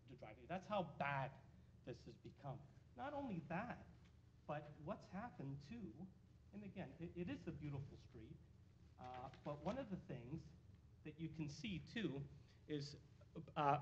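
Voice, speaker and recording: Nervous, halting man pleading at a council meeting. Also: a little high. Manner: nervous, halting, many fillers and restarts. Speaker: resident speaking at a council meeting. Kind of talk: public deputation. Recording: dull lo-fi meeting audio with faint noise.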